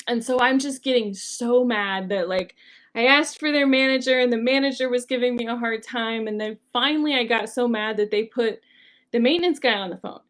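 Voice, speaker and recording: A woman's voice: a little high, fairly quick, a bit bright. A woman hosting a solo podcast, talking in an earnest, conversational way with frequent "like" and "um". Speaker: podcast host.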